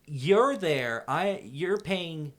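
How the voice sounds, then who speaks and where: A man's voice: on the high side, extremely slow. A man, a haunt actor guest on a podcast, chatting casually and acting out scares with bursts of laughter. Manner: animated storyteller, acts out scares and screams, laughs often.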